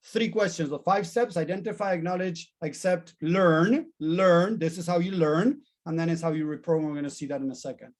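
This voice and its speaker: A man teaching a therapy training class, animated and emphatic, repeating key words in lists. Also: a little high, brisk, hardly any pauses. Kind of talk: live training lesson.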